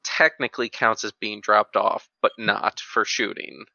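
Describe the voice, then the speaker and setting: A man's voice: fairly low pitch, fairly even intonation, unhurried, creaky, pushed and bright, no echo. A man on a podcast panel, explaining game rules in casual chat. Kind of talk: casual tabletop wargame chat. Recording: dull lo-fi mic.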